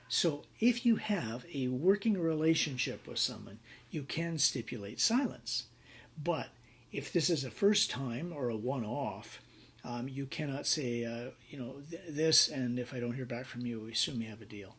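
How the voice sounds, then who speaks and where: A man's voice: mid-range voice, expressive, normal speed, husky. A middle-aged man teaching business law in a recorded lecture, telling stories in a conversational way with many fillers.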